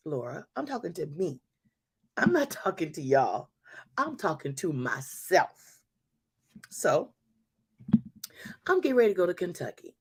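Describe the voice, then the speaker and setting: A woman in her fifties giving a lively testimony to a congregation as a church speaker and host, talking straight to her audience. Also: sits low, slightly rough. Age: 50s.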